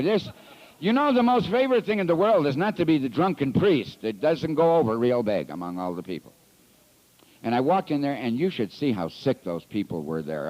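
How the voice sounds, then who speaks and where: A priest telling his recovery story at a convention, earnest and confessional, swinging between hushed passages and emphatic ones, recorded on an old lo-fi tape. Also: on the low side. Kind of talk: recovery talk. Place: convention hall. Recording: dull lo-fi 1980s tape recording.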